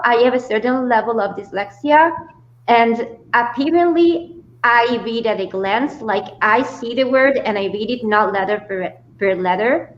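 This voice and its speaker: A woman speaks thoughtfully on a video call, her voice slightly high. The sound is roomy and a little muffled, with faint hiss behind it. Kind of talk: casual group video call discussion.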